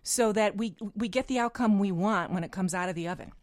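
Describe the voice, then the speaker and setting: A woman's voice: medium pitch, fairly quick, no room sound. A woman radio host chats conversationally with her guest and her listeners. The studio sound is dry and close, and her voice sits mid-range. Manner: chatty, conversational. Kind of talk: radio talk show hosting. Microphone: studio mic.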